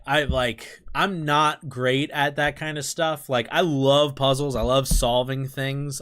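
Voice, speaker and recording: A man's voice: mid-range voice, fairly bright tone. A man hosting a casual livestream chat, rambling with lots of fillers, laughing and swearing as he talks. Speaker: streamer host.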